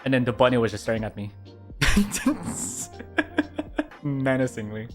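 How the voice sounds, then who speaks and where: A man's voice: mid-range voice, huge pitch swings, slow pace, faint music behind. A man chatting casually on a stream, rambling with lots of fillers and restarts. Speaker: virtual streamer.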